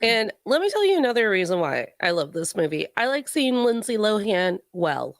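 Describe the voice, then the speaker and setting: A woman co-hosting a podcast in casual chat, giggly and rambling with animated energy. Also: medium pitch, normal speed, dry recording, clean studio sound. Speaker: podcast co-host.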